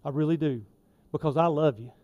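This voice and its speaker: A man preaching a sermon in a church, folksy and conversational, with emphatic asides and swings in loudness. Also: a little high, fairly quick, highs cut off. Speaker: lay preacher. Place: church sanctuary.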